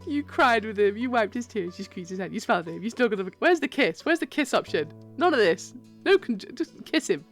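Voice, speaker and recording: A woman streamer reading a dating game aloud and reacting, excitable, squealing and laughing often. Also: fairly high pitch, a little fast, few pauses, soft background music. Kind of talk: live game read-along and commentary.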